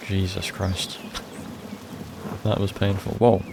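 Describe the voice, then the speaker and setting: A man's voice: low-pitched, level tone, normal speed, vocal fry, noisy background. A man commentating a game playthrough, blunt and self-deprecating, swearing freely. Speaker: gaming streamer. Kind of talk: let's play commentary.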